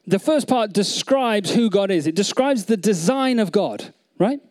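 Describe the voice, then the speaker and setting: A pastor preaches an earnest sermon, restarting often, repeating phrases and putting questions to the congregation. His voice is high-pitched, animated, unhurried and a little mellow.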